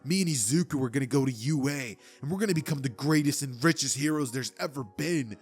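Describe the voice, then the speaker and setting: A man's voice: mid-range voice, brisk, slightly rough, faint music behind. A man voicing a hotheaded, brash teenage boy who bosses and scolds his friend. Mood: boastful. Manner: bossy, scolding, exasperated.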